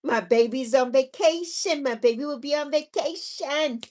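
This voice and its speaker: A woman's voice: sits high, normal speed, darkish tone, a little hiss or hum. A woman hosting a casual livestream, chatting with viewers in a bubbly, sing-song way and drawing out her words. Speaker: livestream host.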